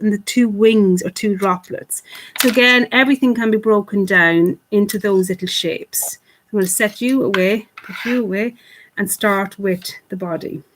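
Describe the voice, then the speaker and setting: A woman's voice: medium pitch, fairly bright tone. A woman teaching children clay modelling online, chatty and encouraging, talking to the camera as if the kids were there. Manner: fond of cute words like "little". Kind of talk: online craft lesson for children.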